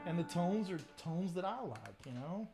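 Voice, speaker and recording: A man, hosting a casual guitar livestream, talking in an animated, rambling way and often repeating his words. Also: high voice, normal speed, slightly rough. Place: home studio.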